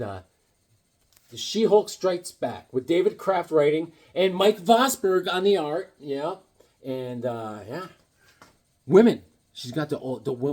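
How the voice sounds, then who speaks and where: A man's voice: on the high side, darkish tone, husky. A man casually chatting about his comic books, rambling and cracking corny one-liners. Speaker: comic book vlogger. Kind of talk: casual comedic chat.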